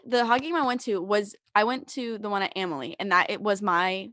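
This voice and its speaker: A woman's voice: medium pitch, a little fast, fairly bright tone, dry recording, clean studio sound. A young woman co-hosting a podcast, telling a long story in casual chat, full of "like" and laughter. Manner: rambling storyteller, heavy use of "like", frequent laughter. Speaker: podcast co-host.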